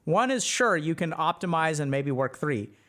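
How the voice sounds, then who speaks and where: Animated, rhetorical man streaming advice. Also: on the high side, normal speed. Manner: animated, asks rhetorical questions, often says "right?". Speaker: streamer and mental health coach. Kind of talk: livestream advice talk.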